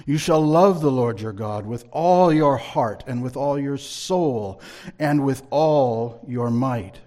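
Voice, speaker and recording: A man doing a booming epic-film prophet. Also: lightly acted. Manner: slow, grand, declaiming. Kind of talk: dramatic scripture reading.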